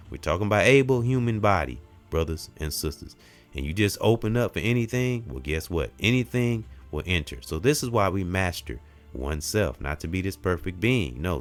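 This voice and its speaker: A man giving an emphatic spiritual self-help talk, preachy in tone, swinging from loud stressed words to quiet asides. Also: sits low. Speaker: motivational speaker.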